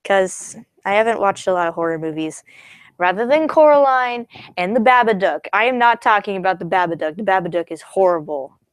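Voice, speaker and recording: A woman's voice: medium pitch, animated, moderate pace, clean tone, no echo, rough recording. Giggly rambling teen girl. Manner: giggly, rambling, slips into silly voices. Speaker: streamer. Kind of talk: casual chat.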